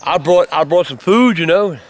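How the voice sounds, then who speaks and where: An older man, a grandfather, telling stories to camera in a loud, cursing rant. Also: high-pitched, lively intonation, normal speed. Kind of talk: profane storytelling to camera.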